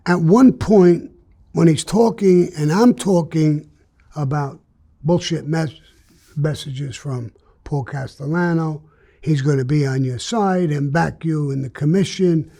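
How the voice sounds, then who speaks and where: Older New man, gravelly dark voice, blunt storyteller in an interview. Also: on the high side, unhurried. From New York. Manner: blunt, streetwise storytelling that acts out the dialogue.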